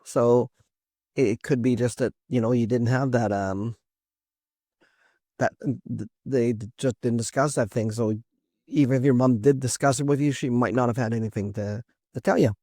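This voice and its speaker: A man's voice: mid-range voice, fairly even intonation, moderate pace, dark tone, no room sound, clean studio sound. A man giving casual reaction commentary as a genealogy host, thinking aloud with many restarts. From Canada.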